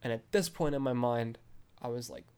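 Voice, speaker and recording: A man's voice: medium pitch, moderate pace, a little mellow, clean tone. A man hosting a film review podcast, retelling a scene in a casual, rambling way full of fillers.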